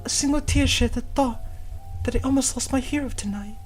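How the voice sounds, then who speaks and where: A woman voicing a gentle, devoted young woman in a visual novel, narrating softly in first person and comforting someone she loves. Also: sits high, fairly quick, soft background music, close to an everyday voice. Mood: tender. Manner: soft, tender, hushed delivery.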